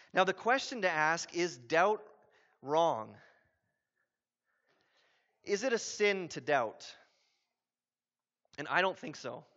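A man preaching with a high, bright, forceful voice, earnest and pressing his point with questions. His words ring out with a long hall reverb. The sound is a little dull and muffled. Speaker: pastor. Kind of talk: sermon.

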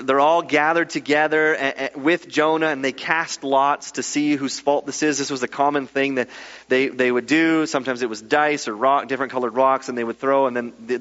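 Guy preaching, reads the bible then riffs on it casually, highish voice, muffled recording. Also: normal speed. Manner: animated, reads scripture then explains with casual asides. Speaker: pastor. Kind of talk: sermon. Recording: muffled echoey hall.

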